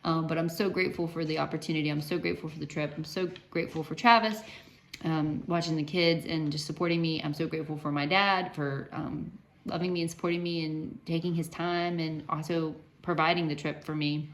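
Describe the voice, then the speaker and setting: Woman, vlogger, casual chat to camera, animated storyteller, low pitch. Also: a little fast. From West Virginia. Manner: chatty, animated storytelling with many fillers and restarts. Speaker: vlogger sharing cancer treatment updates.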